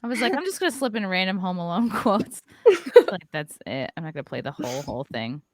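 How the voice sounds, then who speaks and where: A woman's voice: on the low side, sing-song, quick pace. A woman with a Long Island accent, chatting casually as a podcast host. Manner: chatty, rambling. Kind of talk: casual chat.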